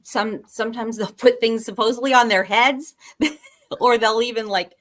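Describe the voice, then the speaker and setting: A woman guest in a casual podcast conversation, talking haltingly with many fillers and restarts. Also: a little high, steady tone, fairly bright tone.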